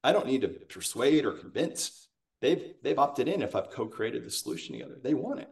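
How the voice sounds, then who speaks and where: Animated male sales coach, storytelling. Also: mid-range voice, fairly quick, gravelly, distant mic. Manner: animated, acts out quotes. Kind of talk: conversational storytelling.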